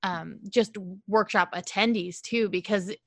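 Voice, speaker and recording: A woman hosting her own podcast, interviewing a guest over a video call in a relaxed, casual way, often saying "like". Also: medium pitch, unhurried, no echo, studio quality. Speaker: podcast host.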